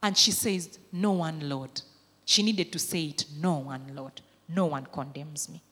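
A woman's voice: low voice, unhurried, fairly bright tone, breathy edge. Woman pastor preaching in a reverberant hall. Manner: preaching with emphatic rising and falling intensity. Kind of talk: sermon.

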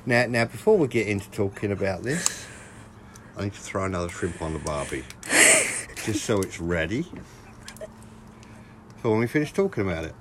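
A man putting on a brash, crude Australian man with a loud, blustery, swearing manner and an Australian accent. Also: lowish voice, big pitch swings, moderate pace, pauses often, background noise. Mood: boisterous. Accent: Australian, put on.

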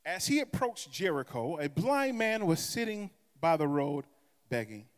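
A male pastor preaching a sermon dramatically, swinging between soft asides and loud cries and calling on the congregation to answer. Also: on the high side, very animated, unhurried, big-room sound. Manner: call-and-response with the congregation.

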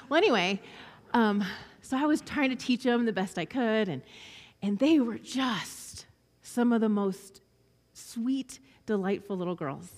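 A woman's voice: medium pitch, expressive, measured pace, in a large hall. A woman giving a personal testimony, telling a story and acting out the voices of the children in it. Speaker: speaker sharing a testimony.

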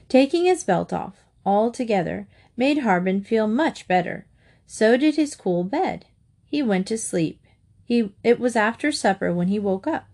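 A woman reading a children's chapter book aloud, narrating in a gentle, even way. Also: a little high, a little slow. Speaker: storyteller.

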